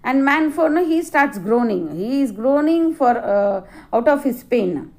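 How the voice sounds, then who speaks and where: A middle-aged woman teacher explaining a play to a class, halting with many fillers. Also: high voice, lively intonation, darkish tone. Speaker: English teacher.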